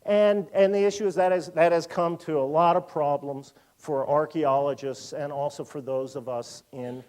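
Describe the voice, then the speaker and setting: A man in his fifties giving a public lecture in a museum auditorium, animated and full of joking asides. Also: fairly high pitch, moderate pace. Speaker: university lecturer.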